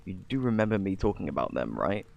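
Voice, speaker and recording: A British man voicing a gentle, protective male alien parent in a whispered role-play. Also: low voice, sing-song, fast, lo-fi sound, full character voice. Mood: cheerful. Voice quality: soft, breathy, tender. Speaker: ASMR performer.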